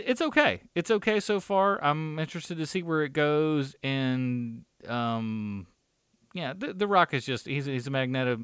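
A man's voice: medium pitch, a bit bright, clear, resonant tone, no echo, clean studio sound. A man co-hosting a movie review podcast, chatting casually in a rambling way, with lots of swearing and fillers. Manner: rambling, profane, filler-heavy. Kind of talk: casual chat.

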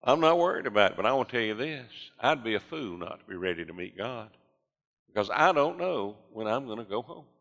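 Older male pastor, low bright voice, preaching with rising fervor in a big reverberant sanctuary. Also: sing-song, fairly quick, gravelly. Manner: preaching with rising fervor, voicing listeners' objections. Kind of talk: sermon. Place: church sanctuary. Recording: long reverb of a church hall.

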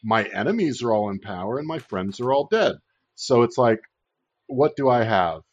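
A man's voice: mid-range voice, expressive, moderate pace. A man hosting a casual political chat podcast, ranting sarcastically and swearing freely. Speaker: podcast host. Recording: dull lo-fi dry recording.

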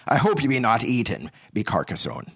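A man voicing a bumbling, cheerful male pirate shipmate in an improv comedy skit, in mock pirate grammar with halting restarts. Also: mid-range voice, sing-song, fairly bright tone, slightly rough, heavily acted. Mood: playful.

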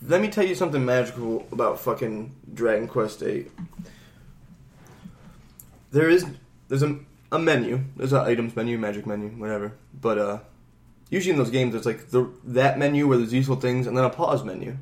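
A man's voice: mid-range voice, brisk. A man co-hosting a podcast, rambling casually about a video game, swearing freely and acting out bits of dialogue. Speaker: podcast co-host.

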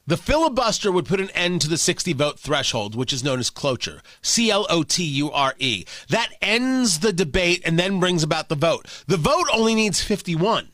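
Combative male host, high lively voice, bright tone, dry close sound, sarcastic commentary. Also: normal speed, hardly any pauses, dry recording. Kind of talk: political commentary monologue.

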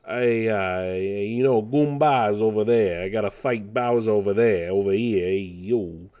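A man's voice: fairly low pitch, measured pace, darkish tone, lightly acted. A man putting on a streetwise New York accent for a brash plumber hero. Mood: swaggering. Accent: New York, put on.

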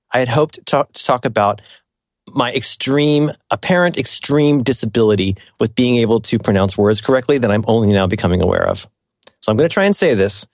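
A man's voice: medium pitch, no echo. Chatty guy hosting a podcast, voice jumps all over, dry close mic, keeps laughing at himself. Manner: rambling, self-deprecating, laughs often. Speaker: podcast host. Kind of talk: casual podcast chat with sponsor read.

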